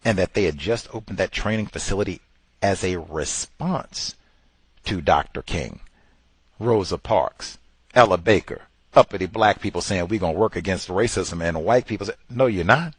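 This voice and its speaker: A man's voice: sits low, moderate pace, slightly rough, no room sound. A man hosting a podcast, delivering emphatic commentary and mimicking the people he quotes. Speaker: podcast host. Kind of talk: commentary monologue.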